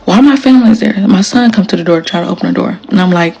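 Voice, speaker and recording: A woman's voice: lowish voice, racing, vocal fry, mellow, husky, muffled recording. A woman, telling the story of her marriage in casual, emphatic storytelling to camera, acting out quoted lines.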